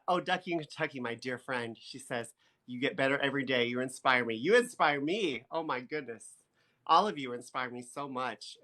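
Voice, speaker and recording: Bright-voiced chatty man. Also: medium pitch. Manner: chatty, laughs often, reads viewer comments aloud. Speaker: co-host of a live stream. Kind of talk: casual live-stream chat. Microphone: phone.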